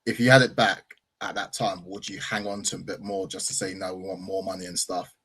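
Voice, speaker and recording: A husky-voiced man chatting about football. He jokes around and swears, keeping the talk loose. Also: low-pitched, flat delivery, fairly quick, fairly bright tone. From England. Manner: jokey, sweary, laughing. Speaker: podcast co-host. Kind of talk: casual football chat.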